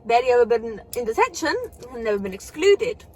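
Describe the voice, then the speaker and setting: A woman's voice: on the high side, big pitch swings, a little fast, a little mellow. A young woman telling a storytime vlog in casual, slangy talk with frequent swearing and fillers. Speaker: vlogger.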